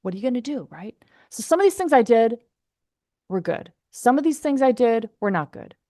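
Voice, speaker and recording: A woman podcast host telling a story in a chatty, animated way, full of fillers. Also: on the high side, normal speed, dry recording, studio quality. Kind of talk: casual storytelling.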